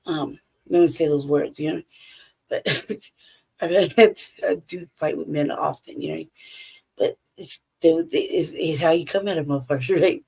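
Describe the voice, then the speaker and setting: Gravelly, husky woman chatting and laughing. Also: low-pitched. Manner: animated, laughs often, swears freely. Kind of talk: casual chat.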